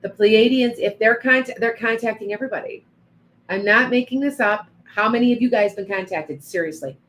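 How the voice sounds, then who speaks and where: A woman's voice: a little high, moderate pace, a bit bright, slight background noise, low-quality recording. A woman doing psychic readings on a livestream, chatting to viewers by name with frequent restarts. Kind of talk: live-stream reading and chat.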